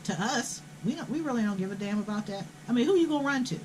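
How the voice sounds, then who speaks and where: A woman's voice: fairly high pitch, animated, fast talker, darkish tone, a little hiss or hum, low-quality recording. Blunt older woman. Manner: blunt, profane, indignant. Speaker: host. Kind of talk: casual storytelling.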